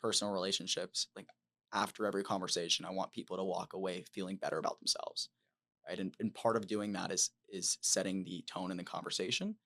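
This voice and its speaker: Male podcast host, very deep voice, rapid delivery, emphatic casual chat. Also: fairly even intonation, creaky, bright, forceful tone. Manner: emphatic, repeats words when he starts a point.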